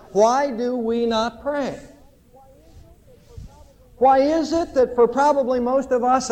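A pastor preaches a sermon in an emphatic, storytelling manner. His voice sits fairly high for a man. The church sanctuary adds a long reverb tail to every phrase. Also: a little mellow.

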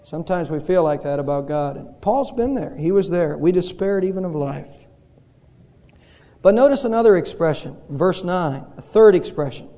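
A male pastor preaching a sermon in a church, telling stories slowly and dramatically with pauses. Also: fairly high pitch, lively intonation, warm tone. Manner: slow, dramatic storytelling with pauses. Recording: reverberant hall.

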